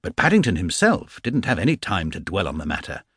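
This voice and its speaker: A man reading a children's storybook aloud as an expressive audiobook narrator. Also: low-pitched, brisk, breathy edge, no room sound, studio quality.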